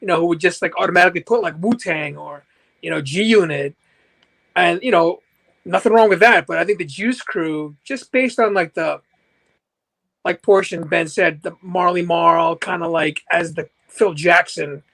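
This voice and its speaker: High-voiced man rambling in casual chat. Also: normal speed, gravelly, a bit bright. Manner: searching, full of fillers like "like" and "you know".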